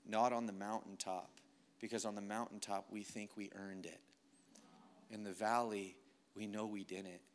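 A man's voice: fairly low pitch, fairly bright tone, clear, resonant tone. A young man giving an emotional, earnest testimony sermon, often saying "like" as he speaks. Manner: earnest, emotional, many "like" fillers. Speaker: preacher.

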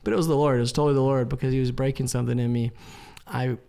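A man, a missionary guest in an interview, telling a lively story with lots of "like" and acted-out quotes. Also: mid-range voice, rapid-fire, vocal fry, clear, resonant tone. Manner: animated storyteller, acts out quoted lines, frequent "like".

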